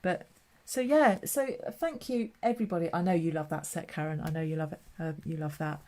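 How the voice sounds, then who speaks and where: A woman's voice: low voice, fairly quick, warm tone. A middle-aged woman hosting a papercraft live stream, chatting casually and answering viewers by name.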